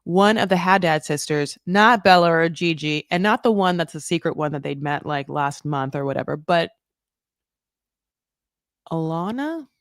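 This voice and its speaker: A woman hosting a casual recap chat, rambling through tangents and correcting herself, with sudden jumps up in pitch. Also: normal speed, no room sound, studio quality. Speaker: recap show host.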